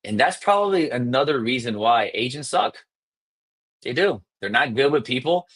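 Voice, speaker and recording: A man coaching real estate agents on sales calls in a live session, talking fast and emphatically and acting out call scripts. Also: medium pitch, animated, a bit bright. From South Florida.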